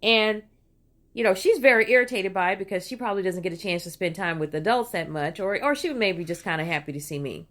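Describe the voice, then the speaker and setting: A chatty middle-aged woman tells a personal story to the camera, wandering off on side points and checking in with "right?" as she goes. She slips into animated put-on voices when she quotes people, and her pitch sits in the middle. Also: fast talker. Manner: chatty, digressive, frequent "you know" and "right?". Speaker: vlogger. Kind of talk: casual storytelling monologue.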